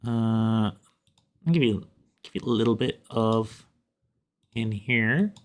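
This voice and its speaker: A man's voice: lowish voice, slow. A young Irish man with an Irish accent, chatting casually with viewers while running a tabletop game as game master, laid-back and often chuckling. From Ireland.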